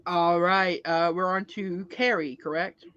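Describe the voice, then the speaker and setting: A woman co-hosting a casual podcast chat, asking quick questions in a laid-back way. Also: fairly low pitch, fairly even intonation, fairly bright tone, no echo, highs cut off.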